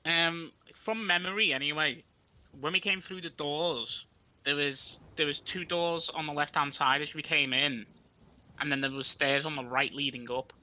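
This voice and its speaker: A man playing a tabletop game, chatting in a joking, loose, halting way. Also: on the high side, fairly even intonation, pushed and bright. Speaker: player. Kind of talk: casual chat at a tabletop game.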